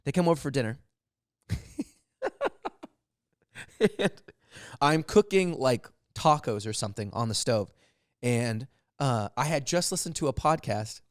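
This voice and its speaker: A man's voice: medium pitch, animated, a little slow, pauses often, dry recording, studio quality. A man in his thirties co-hosting a comedy podcast, telling rambling stories with frequent laughs. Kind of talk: casual chat, comic storytelling.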